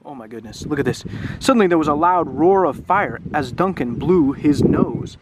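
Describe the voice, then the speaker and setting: A man's voice: on the high side, lively intonation, moderate pace. A man reading a children's picture book aloud outdoors by the water, chatting and asking the listener questions as he goes. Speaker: English teacher reading to children. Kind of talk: read-aloud storytelling with questions. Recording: loud wind noise outdoors.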